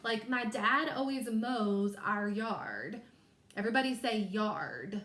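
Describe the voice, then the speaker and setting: A woman teacher leading a phonics lesson, stretching words out slowly and sounding each letter carefully. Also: mid-range voice, animated, a bit bright. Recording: echoey room.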